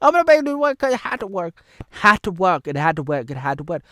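A woman's voice: lowish voice, big pitch swings, fast talker, fairly bright tone, dry recording, studio quality. A woman rambling through a comedic film review vlog, giggling often and jumping between silly voices and asides.

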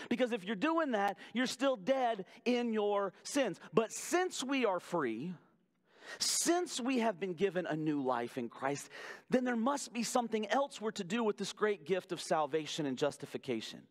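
A male pastor delivers his sermon in a notably high voice, talking to the congregation like a friend. He mixes sarcastic asides with phrases he stretches out slowly for weight. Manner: conversational and animated, with sarcastic asides and emphatic slow phrases.

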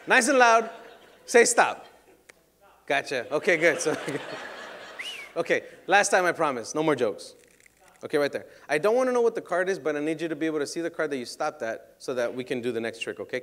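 Animated joking man working a crowd. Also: a little high, fast. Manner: playful, teasing, bursts into loud hype. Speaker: street magician. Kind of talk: joking crowd-work during a card trick show.

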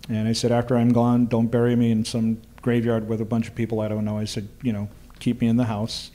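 A man's voice: mid-range voice, completely flat delivery, fast talker, warm tone. Laid-back Hawaiian man telling stories. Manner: laid-back storyteller, dry humor. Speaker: ghost tour guide and storyteller. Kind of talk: casual storytelling chat. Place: live recording in a bar with an audience.

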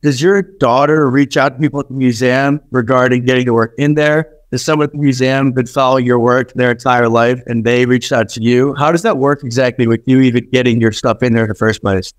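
Halting male podcast host. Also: mid-range voice, steady tone, no room sound. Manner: halting, repeats words while framing questions. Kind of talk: casual interview.

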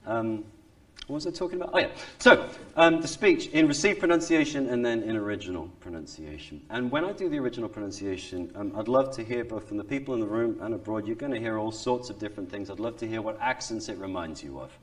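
A man, an actor, speaks in a low voice with an easy, animated manner. He laughs often. The mic sits at some distance from him. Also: fast. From Wales. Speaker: Shakespearean actor. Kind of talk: recorded talk on accents.

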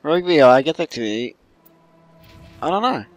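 A man gives loose, casual commentary while he plays a game. He rambles, swears and jokes to himself, his pitch moving a lot, over faint game music. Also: sing-song, normal speed. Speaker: gamer playing through a story game.

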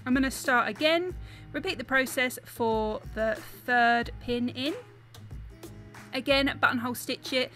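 A young woman from South East London narrates a craft tutorial, her accent clear as she drops her T's. Her voice is bright and a little high, and she explains each step in a chatty, apologetic manner. Faint music plays underneath. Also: measured pace. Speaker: embroidery tutor.

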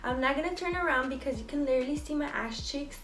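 A young woman with a high, slightly bright voice talks fast as she casually chats through a clothing try-on haul, blunt and swearing constantly. She's a fashion vlogger, recorded in an echoey room with faint music in the background.

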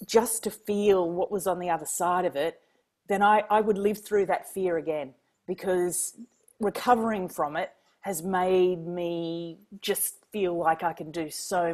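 An Australian woman from Queensland, a guest author telling lively stories, laughing often and acting out quoted dialogue. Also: fairly low pitch, a little slow. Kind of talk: casual storytelling.

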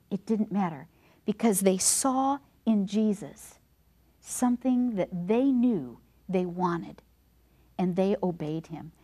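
A woman hosting a devotional talk, an expressive storyteller who sometimes drops to a soft hush for emphasis. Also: mid-range voice. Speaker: devotional and health segment host.

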